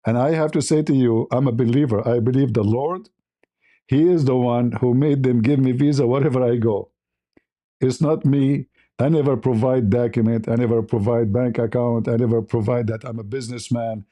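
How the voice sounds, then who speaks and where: A man from the Middle East with a very dark, mellow voice, hosting a live stream. He tells his story in plain, learned English and breaks into laughter as he acts out both sides of a conversation. His pitch sits in a middle range. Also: moderate pace. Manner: animated, laughing often, acts out dialogue; speaks English as a learned language, simple phrasing. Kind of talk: casual storytelling.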